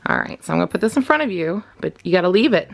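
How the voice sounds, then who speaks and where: Chatty low-voiced woman training her dog. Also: very animated, rapid-fire, creaky. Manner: chatty, laughs often, coos praise at her dogs. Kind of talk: casual instructional vlog.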